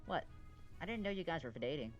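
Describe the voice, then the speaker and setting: A man putting on a bubbly young schoolgirl, eager and gushing. The pitch is well above his own, over faint music. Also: big pitch swings, brisk, dull audio. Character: giggly, adoring young schoolgirl.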